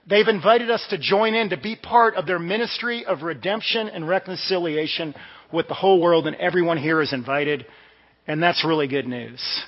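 A pastor from the Washington DC area, his voice on the high side, preaches at a moderate pace, conversational and story-driven. Long hall reverb and a dull quality mark the recording.

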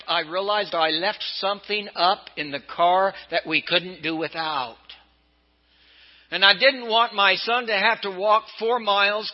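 An older man from California preaching a sermon as a bishop, telling stories and swinging his pitch up and down for emphasis. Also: dull audio. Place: church.

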